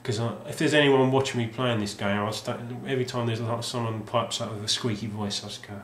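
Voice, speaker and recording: Man, casual collector chat, hesitant, lots of restarts, mid-pitched, echoey room. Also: fairly even intonation, fairly quick, slight background noise. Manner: rambling, hesitant, many ums and restarts. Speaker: game collector. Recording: roomy sound with faint ambience.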